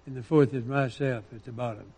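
A man preaching a sermon, quoting scripture with rising emphasis and dropping into quiet asides. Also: medium pitch, fairly even intonation, brisk, in a large hall.

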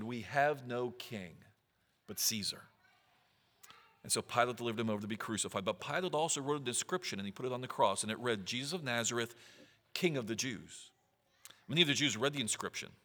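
A man's voice: medium pitch, bright, forceful tone, long reverb tail. A man preaching a sermon, reading scripture aloud with earnest, rising emphasis.

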